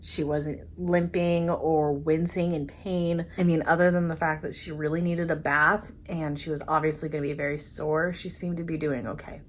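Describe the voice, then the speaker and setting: A woman's voice: deep voice, level tone, moderate pace, few pauses, a little hiss or hum. A woman in her thirties, a vlogger, telling a personal story in an emotional, rambling way with many "like"s.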